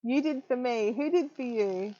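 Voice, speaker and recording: A woman's voice: on the high side, normal speed, warm tone, highs cut off. A woman hosting a casual craft live stream, chatting loosely and reading viewer comments aloud with frequent ums. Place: home craft room.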